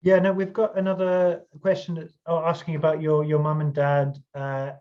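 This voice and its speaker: A man's voice: on the high side, completely flat delivery, normal speed, highs cut off. A male interviewer reading audience questions aloud, hesitant with many fillers.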